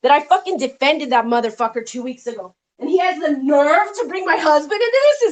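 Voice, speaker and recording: A woman's voice: sits high, animated. A woman hosting a live stream, ranting angrily and swearing heavily about a rival. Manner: heated, profane, rapid-fire complaining. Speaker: livestream host. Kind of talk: angry live-stream rant.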